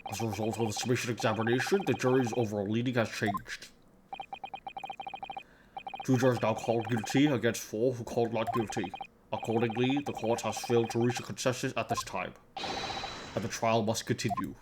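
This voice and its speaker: A man voicing a stern older British court judge in formal, measured tones while reading game dialogue aloud, with game music behind. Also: medium pitch, steady tone, heavy background noise, lightly acted.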